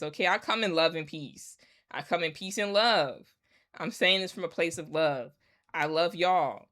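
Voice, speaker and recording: Here a woman commentary vlogger delivers a casual rant to her followers on camera, hammering her points repeatedly with sarcasm and emphasis. Her voice is on the low side and a bit bright.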